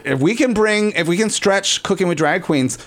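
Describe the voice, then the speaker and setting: A man's voice: sits high, lively intonation, normal speed. A man co-hosting a podcast in campy, playful casual chat, laughing often. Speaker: podcast co-host.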